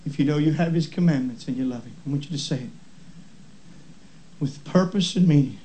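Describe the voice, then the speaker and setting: A man preaching a sermon, stretching out each word and building up to shouting. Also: fairly high pitch, a little hiss or hum, rough recording. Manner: slow, drawn-out emphasis on each word.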